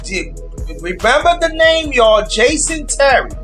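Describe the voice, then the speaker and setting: Podcast co-host, female, high pitch, emphatic talker addressing listeners. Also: animated, unhurried, fairly bright tone, soft background music. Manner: stammering repeats, then emphatic points to listeners. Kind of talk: casual sports chat.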